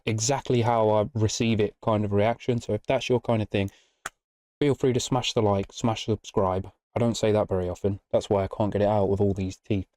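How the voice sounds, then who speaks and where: A man's voice: on the low side, mellow, dry recording, clean studio sound. A man, hosting a music reaction channel and chatting casually, swearing freely and often asking "you know what I mean?". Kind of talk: casual rambling video outro.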